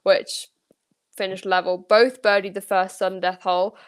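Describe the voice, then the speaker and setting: Woman co-host, casual, says like a lot, mid pitch. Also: flat delivery, normal speed, clean tone. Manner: conversational, fillers, likes. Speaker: podcast co-host. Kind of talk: casual golf news chat.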